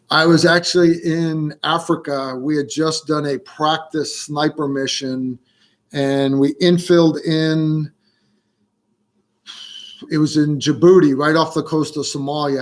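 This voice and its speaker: A middle-aged man hosts a casual livestream and tells stories at an unhurried pace. His voice sits a little high for a man, and he fills pauses with plenty of ums and uhs. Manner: relaxed storytelling with frequent fillers. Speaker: livestream host answering viewer questions.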